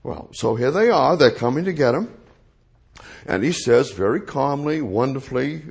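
A man's voice: medium pitch, animated, normal speed, gravelly, breathy edge. A man teaching the Bible verse by verse, repeating phrases and restating each verse in plain everyday words.

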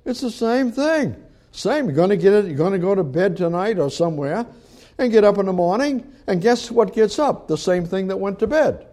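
Man, preacher, sermon, high voice, very lively pitch, emphatic, repetitive. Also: moderate pace. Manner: emphatic, repetitive, swings from loud pleas to quiet asides. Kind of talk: expository sermon on scripture.

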